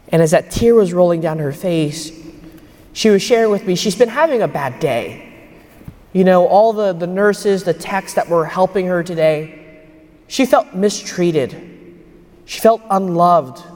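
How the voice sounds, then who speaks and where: A young priest delivers a homily at Mass in church, earnestly recounting a personal story. His voice is high-pitched and a little mellow, carried by a long church reverb.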